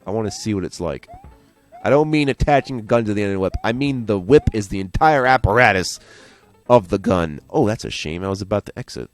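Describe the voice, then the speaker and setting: A man's voice: on the low side, expressive, fairly quick, faint music behind. A man giving casual, rambling gameplay commentary as a let's play host, joking and going off on tangents.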